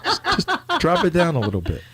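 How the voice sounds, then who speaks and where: A man hosting a casual political talk show, joking and animated. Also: on the high side, brisk. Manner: joking, animated, talks over co-host.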